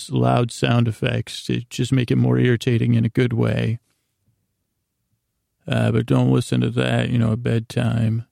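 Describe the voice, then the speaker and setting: A man hosting a slow bedtime podcast, recapping a TV episode in a meandering, hesitant way with frequent restarts. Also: medium pitch, vocal fry, darkish tone, no room sound, clean studio sound. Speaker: podcast host.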